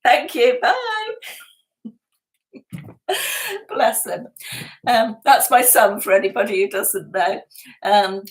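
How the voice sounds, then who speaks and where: A woman's voice: fairly high pitch, low-quality recording. A woman, hosting a casual live stream from home, chatting and greeting viewers by name with frequent laughs. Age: 50s. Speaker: lifestyle channel host. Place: at home indoors.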